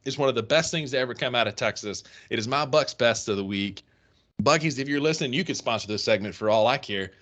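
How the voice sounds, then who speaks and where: Mississippi country guy cohosting a sports pod, bright tone, laughs a lot. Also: medium pitch, quick pace. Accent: Northeast Mississippi. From Northeast Mississippi. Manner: laughs often, teasing banter. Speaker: podcast co-host. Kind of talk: casual sports podcast chat.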